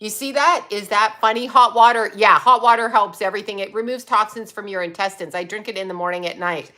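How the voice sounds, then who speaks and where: A woman's voice: mid-range voice, fairly even intonation, a little fast, bright, forceful tone. A middle-aged woman chatting casually on a livestream, laughing often and talking to viewers by name. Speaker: psychic medium and livestream host.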